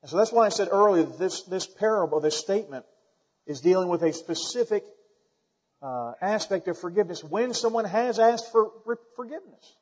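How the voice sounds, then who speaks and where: A man preaching a sermon as pastor, emphatic and building to loud points, calling out to the congregation. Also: sits high, expressive, brisk, husky. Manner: calls out to the congregation. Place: church sanctuary. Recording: dull lo-fi sound with long hall reverb.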